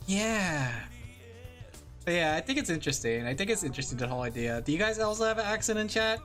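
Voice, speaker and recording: A woman's voice: lowish voice, very animated, fast talker, a bit bright, soft background music. A woman from California chatting casually on a livestream while drawing, rambling and laughing often. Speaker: VTuber streamer.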